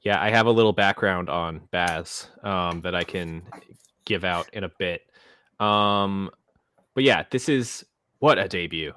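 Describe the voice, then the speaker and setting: A man's voice: deep voice, measured pace, fairly bright tone, slight background noise. A man hosting a casual podcast chat with a friend, talking in a chatty, playful way and correcting himself as he goes. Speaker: podcast host.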